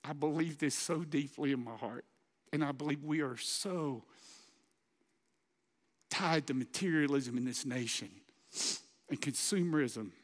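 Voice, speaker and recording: Male pastor, impassioned sermon, fairly high voice, long hall reverb. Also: unhurried, pauses often. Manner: impassioned, exhorting, emotional. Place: church auditorium.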